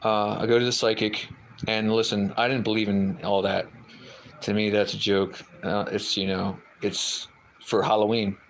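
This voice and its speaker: A man's voice: on the low side, flat delivery, moderate pace, slight background noise, low-quality recording. A man hosting a livestream, rambling and hesitant, answering viewer comments with lots of fillers and restarts. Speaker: livestream host. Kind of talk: casual chat, reading out viewer comments.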